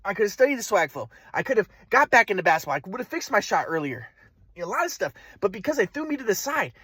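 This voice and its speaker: A man's voice: high voice, big pitch swings, quick pace, bright, forceful tone, breathy edge, no room sound. A man telling a personal story in a rambling, agitated, profane monologue. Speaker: vlogger.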